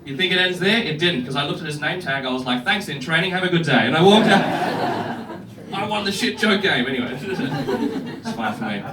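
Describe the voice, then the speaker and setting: A young man doing stand-up comedy, telling a story in an animated way and acting out other people's lines. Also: on the high side, normal speed, pauses often, very noisy. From Australia. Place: comedy club stage. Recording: echoey club room from far off, audience laughter.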